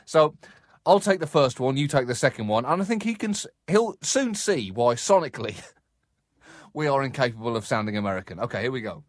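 An English man co-hosting a comic podcast, reading listener emails aloud with an animated, laughing manner. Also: medium pitch, brisk, dry recording, clean studio sound. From England. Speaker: podcast co-host.

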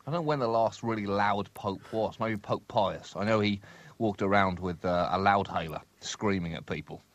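A man co-hosting a satirical comedy podcast, delivering wry, deadpan asides with bursts of emphasis. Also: on the low side, normal speed, no room sound.

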